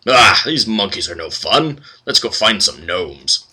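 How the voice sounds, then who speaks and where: A man's voice: on the low side, sing-song, unhurried, sharp tone, slightly rough, full character voice. A man voicing mocking gaudy minotaur nobles.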